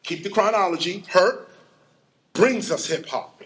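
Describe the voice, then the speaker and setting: A middle-aged man giving an animated storytelling lecture, acting out sounds and quotes. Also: sits high, a little slow. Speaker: hip hop lecturer.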